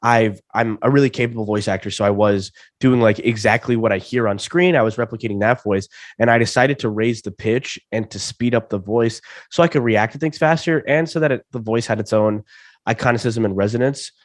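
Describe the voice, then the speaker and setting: A man's voice: medium pitch, fairly quick, no echo, clean studio sound. A young man in his twenties from Alabama, a comedian guest on a casual interview, feeling sick and often stammering over restarts. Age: 20s. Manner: stammering restarts, repeats words.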